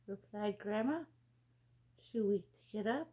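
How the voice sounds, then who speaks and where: A woman reading a fairy tale aloud as a storyteller, in a slow, expressive read-aloud manner. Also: mid-range voice.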